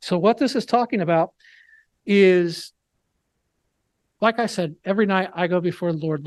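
A man preaching a sermon, earnest and emphatic, slowing down to read scripture aloud. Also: sits high, a little mellow, no room sound.

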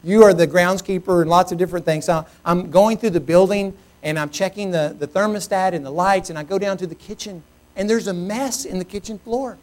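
A male pastor preaching a sermon, telling a personal story in an animated, humorous, self-mocking way. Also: sits high, a little fast.

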